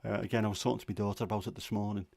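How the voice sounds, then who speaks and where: A man with a lilting, fairly low, gravelly voice chats his way through a relaxed livestream as host. He rambles somewhat, shares his opinions freely, and pauses frequently on "um." The recording is close and dry, free of room echo.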